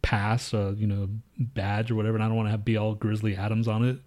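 A man's voice: lowish voice, level tone, fast, darkish tone. A man in his thirties co-hosting a podcast, telling a long story in a rambling, profane way and acting out his coworkers' lines. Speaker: podcast co-host. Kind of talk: casual chat.

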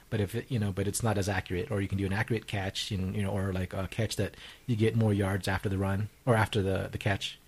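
A man's voice: fairly low pitch, husky. A man co-hosting a podcast, rambling casually with fillers and crude jokes. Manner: rambling, laughing, uses fillers. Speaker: podcast co-host.

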